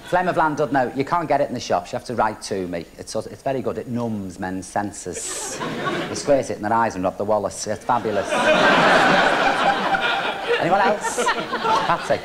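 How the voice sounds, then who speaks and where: A man's voice: lowish voice, huge pitch swings, moderate pace, a crowd in the background, noisy background. A man doing a brassy bawdy woman comic. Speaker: comic host taking audience questions. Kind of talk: stand-up comedy before a studio audience. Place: TV studio stage. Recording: TV studio with loud audience laughter.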